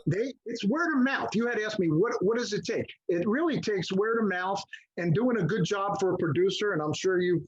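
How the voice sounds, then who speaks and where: An older man telling stories in an interview, animated and acting out the voices of people he quotes. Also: high voice, normal speed. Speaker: guest musician. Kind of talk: storytelling interview. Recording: muffled lo-fi audio.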